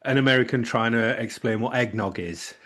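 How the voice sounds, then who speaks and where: A jokey man co-hosting a laid-back podcast, speaking at an ordinary middle pitch. He teases his co-host and trails off into fillers as he talks. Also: a little fast, fairly bright tone. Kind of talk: casual chat.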